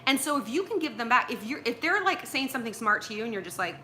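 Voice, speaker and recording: Animated, bright-voiced woman livestreaming. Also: a little high, fast talker, slight background noise. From Los Angeles, US. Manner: blunt, animated, swears freely. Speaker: advice livestream host. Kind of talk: casual livestream advice talk. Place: at home with pillows and tea.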